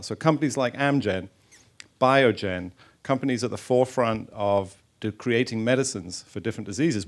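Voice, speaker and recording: A middle-aged man lectures on science to a public audience with slides. His delivery is informal and chatty, and it is full of fillers and restarts. His voice sits at an ordinary pitch for a man. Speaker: stem cell researcher giving a talk. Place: lecture hall.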